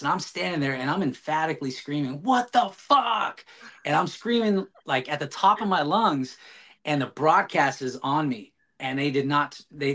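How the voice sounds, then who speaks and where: A man guest on a podcast, telling a long story casually with many fillers and restarts. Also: medium pitch. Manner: animated, rambling, frequent fillers and restarts.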